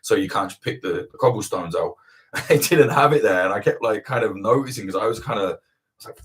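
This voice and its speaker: A man's voice: on the low side, quick pace, a bit bright. A young adult man from England, a journalist hosting a livestream Q&A, telling a long sweary anecdote full of fillers and laughs. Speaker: journalist and channel host. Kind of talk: casual livestream Q&A storytelling.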